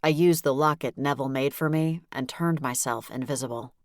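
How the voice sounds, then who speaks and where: A woman's voice: extremely low pitch, brisk, no room sound, clean studio sound. Wry woman narrating an audiobook. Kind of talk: first-person novel narration.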